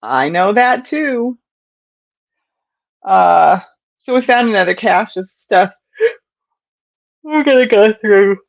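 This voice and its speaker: A woman's voice: mid-range voice, lively intonation, slow, gravelly, long pauses, no echo, highs cut off. An older woman hosting a crochet livestream, chatting in a rambling, casual way to viewers and often chuckling. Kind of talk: casual chat while crocheting.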